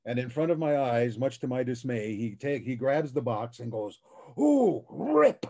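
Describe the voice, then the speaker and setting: An older man with a soothing, gentle voice, telling unhurried stories as a voice actor guest on a video call. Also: medium pitch, steady tone. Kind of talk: casual chat on a video call.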